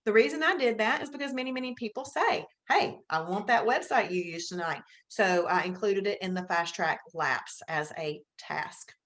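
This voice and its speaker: With an Alabama drawl and a medium, slightly bright voice, a woman runs a live webinar. Her tone is casual and upbeat as she says hello to attendees by name.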